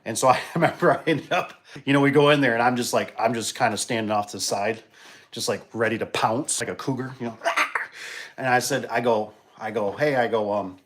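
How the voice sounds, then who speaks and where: A garage door installer with a mid-range voice and a brisk pace tells a rambling work story on a livestream. His casual, animated retelling keeps restarting and is full of acted-out dialogue.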